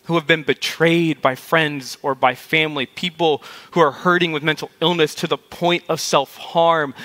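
Male preacher, relaxed conversational sermon delivery, bright and forceful sound. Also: fairly high pitch. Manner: casual, storytelling with frequent "like".

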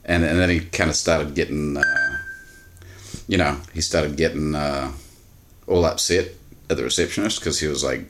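Very deep-voiced male podcast co-host, rambling and casual. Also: moderate pace, fairly bright tone, a little hiss or hum. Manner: rambling anecdotes full of fillers. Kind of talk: casual chat.

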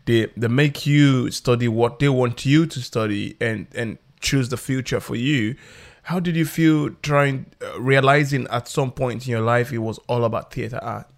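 A man with a mid-range voice speaks at a normal speed, hosting a conversational podcast interview. He asks eager questions and restarts often.

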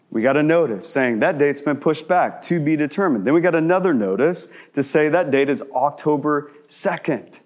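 A man in his thirties preaching a sermon in a conversational way, asking many rhetorical questions and dropping to slow, hushed emphasis on key words. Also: on the high side. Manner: shifts between quick asides and slow, hushed emphasis. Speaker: pastor.

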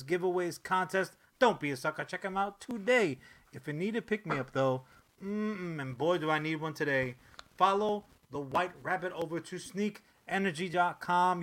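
A man co-hosting a podcast, chatting in a laid-back way and hyping up sponsor reads loudly. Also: sits high. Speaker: podcast co-host. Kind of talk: casual chat and sponsor reads.

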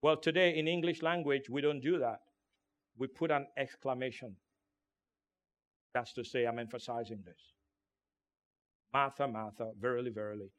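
A man preaching a sermon as pastor. He is emphatic, calls out for responses from the congregation, and swings from hushed to loud delivery. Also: medium pitch, fairly even intonation, normal speed, pauses often. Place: church in Turkey.

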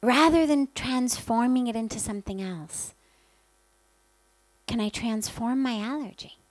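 A woman's voice: a little high, unhurried, dry recording, low-quality recording. A woman spiritual teacher giving an earnest talk, telling stories and stacking up lists. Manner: earnest, gentle storytelling with many lists.

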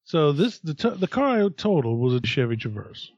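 A middle-aged man, a podcast co-host, telling a profane, animated story in casual chat. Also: on the high side, brisk, no room sound, highs cut off.

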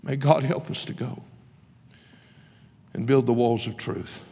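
A man's voice: mid-range voice, steady tone, unhurried, creaky, dark tone, breathy edge. A man preaching a sermon in an impassioned, emphatic way, recorded in a large chapel. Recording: reverberant hall.

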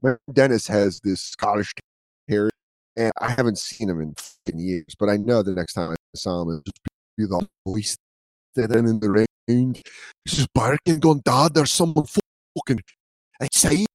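A man hosting a casual chat, telling animated stories with casual swearing. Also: on the low side, normal speed, dry recording, clean studio sound. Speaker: podcast host.

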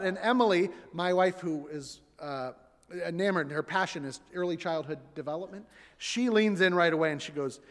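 A man in his thirties preaching as a pastor, an animated storyteller who acts out the voices in his stories. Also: high-pitched, moderate pace. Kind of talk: sermon. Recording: long hall reverb.

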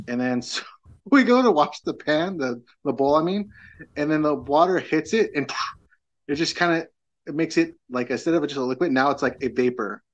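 A man's voice: on the high side, animated, moderate pace, lo-fi sound. Rambling middle-aged man telling a story. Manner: rambling storyteller, many fillers and restarts. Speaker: podcast guest. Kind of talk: casual chat.

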